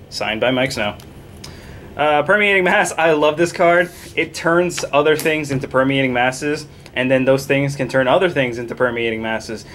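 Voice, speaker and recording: A man's voice: a little high, a bit bright, slight background noise. A young man casually walking through a card game deck, rambling, correcting himself and chuckling along the way. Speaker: deck tech presenter.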